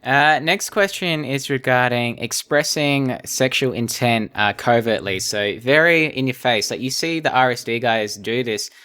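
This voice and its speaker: A man's voice: mid-range voice, measured pace, few pauses, pushed and bright, clean tone. Curious young male interviewer. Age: 20s. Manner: curious, hesitant, thinks aloud. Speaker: interviewer and channel host. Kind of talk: casual interview questions.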